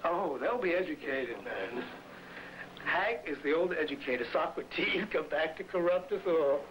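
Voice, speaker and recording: A man's voice: fairly high pitch, unhurried. A man teasing a friend in crude, joking language. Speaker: visiting friend. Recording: noisy old field recording.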